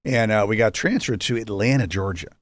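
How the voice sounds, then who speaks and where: This man in his fifties, a guest and entrepreneur from Rochester, New York, spins a chatty, humorous tale full of side comments. He speaks briskly in a lowish voice, and the recording is dry.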